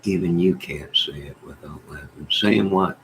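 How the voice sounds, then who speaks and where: A man's voice: very deep voice, fairly bright tone, a little hiss or hum, poor audio. A man hosting a casual livestream, reading his chat and telling rambling, joking stories. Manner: rambling, joking storyteller with drawn-out asides. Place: at home in bed.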